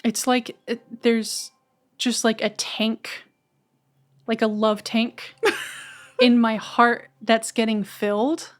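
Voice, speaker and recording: A woman's voice: fairly high pitch, steady tone, slow, long pauses. A woman in a casual podcast conversation, talking candidly and emotionally, with casual swearing.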